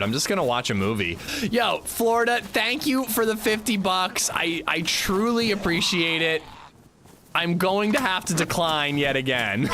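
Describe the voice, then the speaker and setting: Male streamer, casual chatty gamer, bright and lively delivery. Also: mid-range voice, a little hiss or hum. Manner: chatty, animated, reads chat aloud. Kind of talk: casual livestream chat while gaming.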